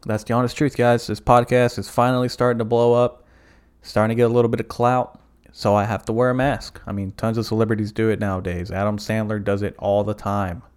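A man's voice: on the low side, level tone, brisk, clear, resonant tone. A young man from the southern United States hosting a comedic solo podcast, rambling through profane, jokey bits. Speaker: podcast host.

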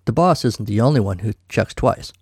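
A man's voice: on the low side, animated, normal speed, darkish tone, breathy edge, dry recording, clean studio sound. A man voicing a glittery, pointy-eared young male elf who talks in a light, offhand, teasing way. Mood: breezy.

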